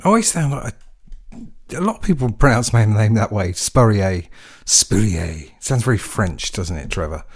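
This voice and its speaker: English male radio DJ, casual and rambling, lower register, very lively delivery. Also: fairly quick, slightly rough. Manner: chatty, jokey, rambling with fillers. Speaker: radio DJ host.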